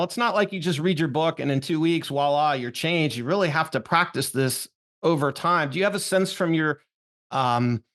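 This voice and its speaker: A man with a fairly high voice hosts an interview. He tells stories from his own experience and builds long, winding questions. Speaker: interview host. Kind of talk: conversational interview.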